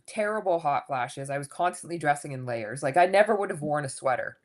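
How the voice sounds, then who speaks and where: A woman in her fifties with a low voice talks openly and casually in a podcast interview. She tells her story in a lively way and acts out the lines of others. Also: a little fast. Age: 50s. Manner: candid, animated storytelling with acted quotes. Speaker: guest coach.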